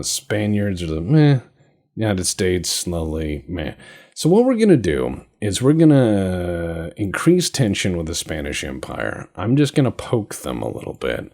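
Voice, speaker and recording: A man narrates his strategy game with dry sarcasm and offhand swearing. His voice sits low and gravelly with a husky edge, yet the pitch swings widely as he jokes. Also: a little mellow. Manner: joking, sarcastic, swears casually. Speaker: gaming channel host. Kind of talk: casual gameplay commentary.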